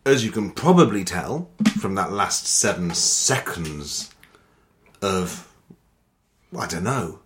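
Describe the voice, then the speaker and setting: A man's voice: deep voice, lively intonation, slow, long pauses, a bit bright, slight background noise. A man co-hosting a comedy podcast, rambling in a dry, sweary way and laughing mid-sentence. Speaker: podcast co-host. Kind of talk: casual comedy chat.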